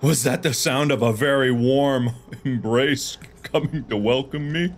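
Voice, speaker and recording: A man in his thirties commentating on his own gameplay in a goofy, animated way, with sudden bursts of yelling. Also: medium pitch, measured pace. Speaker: gaming video host.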